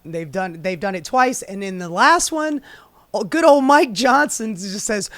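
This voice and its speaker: A man's voice: high voice, lively intonation, a little slow, fairly bright tone, no echo, studio quality. A man hosting a sarcastic, profane political commentary, ranting and mocking. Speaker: commentary host.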